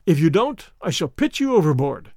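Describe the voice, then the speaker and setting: A man reading the part of a calm, stern gentleman hero, speaking in a measured way. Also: on the high side, no echo, clean studio sound.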